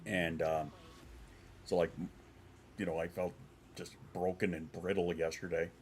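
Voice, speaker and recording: A deep-voiced man with a congested, stuffy sound chats casually on his home stream. He rambles, swears offhand and answers his viewers as he goes. Soft music plays faintly in the background. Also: little pitch movement, measured pace.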